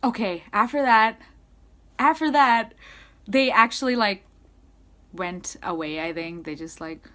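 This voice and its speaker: A young woman excitedly recapping a concert she attended, in casual rambling speech full of "like". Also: on the high side, a little slow, long pauses. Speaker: concert-going fan.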